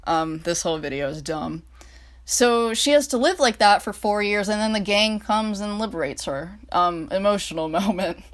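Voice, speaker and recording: A woman's voice: medium pitch, moderate pace. A woman reading a fan-written story aloud, then chatting casually and self-mockingly about her ideas, with many fillers. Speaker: storyteller and fan video maker.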